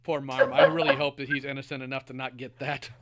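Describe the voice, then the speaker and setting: A man hosting a podcast, chatting in an animated, playful way. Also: mid-range voice. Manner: animated, playful, quick to laugh. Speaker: podcast host. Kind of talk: casual podcast chat.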